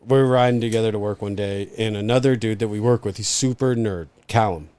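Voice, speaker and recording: A man co-hosting a live podcast, telling stories in a profane, animated, casual way. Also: lowish voice, fairly quick, clear, resonant tone, dry recording. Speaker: podcast co-host.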